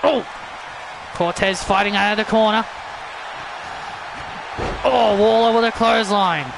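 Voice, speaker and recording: A man calling a video game wrestling match as excited play-by-play commentary, often shouting and stumbling over his words. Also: sits high, measured pace, gravelly, a crowd in the background, background noise. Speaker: wrestling commentator and channel host.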